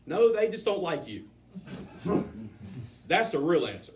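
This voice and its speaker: Animated man coaching a sales team. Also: high-pitched, normal speed, long pauses, recorded from a distance. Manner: animated, repetitive coaching with rising emphasis. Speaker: sales trainer. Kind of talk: sales training talk to a live group.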